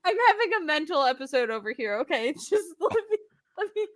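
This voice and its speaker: A woman's voice: high-pitched, big pitch swings, fast talker, dry recording, studio quality. A woman hosting a casual chat over comics, exclaiming, swearing and laughing. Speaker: podcast host.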